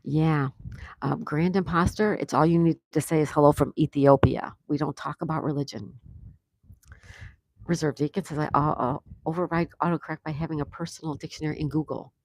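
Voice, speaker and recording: Woman, deep voice, live-stream host, reads chat comments aloud, outdoors on a phone. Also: fairly even intonation, fairly quick, dry recording. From USA. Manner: reads viewer comments aloud and chats warmly. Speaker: livestream host.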